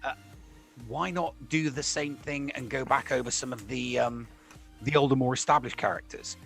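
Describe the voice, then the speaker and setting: A man's voice: medium pitch, moderate pace, creaky, fairly bright tone, soft background music. A man chatting casually about a game, hesitant, with many fillers and restarts. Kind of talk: casual chat.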